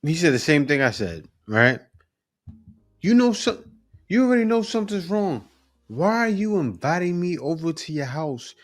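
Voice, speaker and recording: A man's voice: a little high, big pitch swings, moderate pace, faint music behind. A man hosting a reaction video, giving blunt, emphatic commentary with chuckles.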